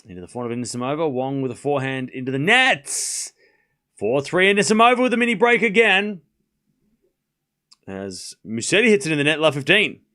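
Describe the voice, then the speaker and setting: A man with an accent calls tennis points live on his stream, talking in short bursts about each rally. His voice is animated and jumps up sharply when a big point lands. He sounds like a casual streamer, not a broadcast booth. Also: a little high, a little fast. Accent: non-native English accent. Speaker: livestream tennis watchalong host. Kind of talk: live play-by-play scoring commentary mixed with chat replies.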